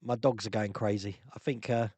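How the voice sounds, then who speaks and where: A man's voice: lowish voice, steady tone, normal speed, darkish tone, breathy edge, no echo. A man hosting a casual live-stream Q&A, chatting and laughing as he answers viewer comments.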